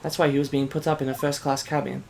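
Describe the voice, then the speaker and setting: A man voicing a polite, composed young woman assistant in a video game, speaking quietly and formally. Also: mid-range voice, flat delivery, fast, gravelly, a little hiss or hum, close to an everyday voice.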